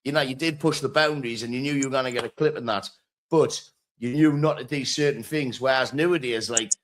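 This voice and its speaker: A man's voice: mid-range voice, brisk, fairly bright tone. A man hosting a casual interview, plain-spoken, with frequent ums. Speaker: podcast host.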